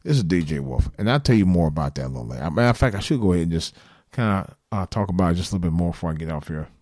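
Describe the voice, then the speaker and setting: A man's voice: sits low, lively intonation, very fast, a little mellow, no room sound, studio quality. A man in his fifties hosting a live late-night call-in show, talking earnestly and bluntly, repeating himself and swearing now and then. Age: 50s.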